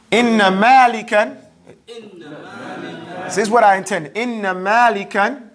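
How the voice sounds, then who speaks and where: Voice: mid-range voice, fairly even intonation, a little slow, long pauses. A teacher giving a classroom grammar lesson, drilling students with playful call-and-response questions. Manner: playful, teasing.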